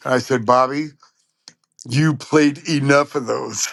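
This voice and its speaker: A man from Long Beach, California, a trumpet player telling lively anecdotes in a casual interview. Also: mid-range voice, unhurried, gravelly, dry recording. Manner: animated anecdotes, acts out quoted voices.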